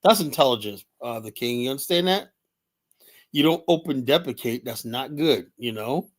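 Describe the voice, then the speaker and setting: A man's voice: mid-range voice, expressive, moderate pace. Rambling man hosting a live stream. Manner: rambling, laughs often, talks to chat by name. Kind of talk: casual live-stream commentary.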